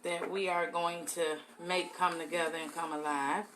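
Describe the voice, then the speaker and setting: A woman's voice: lowish voice, level tone, moderate pace, noisy background. A young adult woman leading a live soap-making tutorial, chatting casually and calling her viewers y'all.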